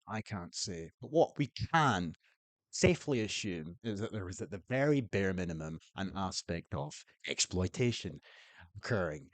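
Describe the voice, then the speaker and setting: A man's voice: low voice, lively intonation, normal speed, no echo. A man giving blunt, sarcastic political commentary, swearing freely. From Scotland. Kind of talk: opinionated commentary.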